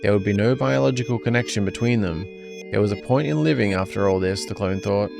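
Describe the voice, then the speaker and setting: A man's voice: lowish voice, a little fast, gravelly. A man playing a horror game on video, reading its story text aloud in a plain narrating manner with casual asides. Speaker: gaming YouTuber. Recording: game music underneath.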